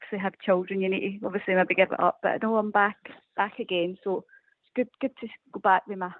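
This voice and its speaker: A woman's voice: medium pitch, flat delivery, quick pace, dry recording. A woman calling in to a radio phone-in, chatting casually and a little hesitantly. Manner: hesitant, repeats words. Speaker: phone-in caller. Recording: tinny phone line, dry.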